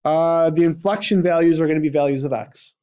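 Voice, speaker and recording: Speaking briskly in a smooth, fairly high-pitched voice, this male math teacher runs his lecture with frequent "right?" check-ins. The classroom audio is dull and lo-fi.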